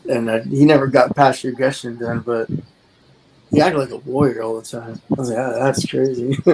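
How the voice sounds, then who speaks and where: A man's voice: mid-range voice, fairly even intonation, moderate pace. Male guest in his 40s, mid-range voice, rambling and earnest, noisy recording. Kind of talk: casual chat.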